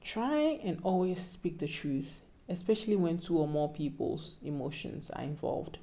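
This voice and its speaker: A woman's voice: low-pitched, sing-song, normal speed, hardly any pauses, warm tone. A young Ghanaian woman vlogging casual advice in a playful, pleading way that sometimes sounds like a sermon.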